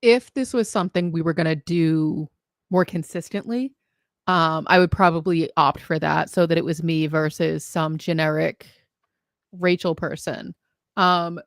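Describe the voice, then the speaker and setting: A woman co-hosting a casual chat, thinking things through aloud and asking questions. Her voice sits somewhat low for a woman and the sound is dry and close. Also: creaky, no room sound. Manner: thoughtful, asks questions. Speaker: co-host.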